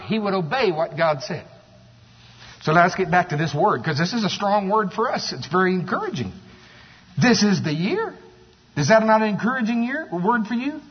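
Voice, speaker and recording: Animated preacher in a reverberant church. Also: male voice, high-pitched, husky. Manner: animated, exclaiming, mocking voices. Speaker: pastor. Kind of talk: sermon. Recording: distant hall reverb, dull sound.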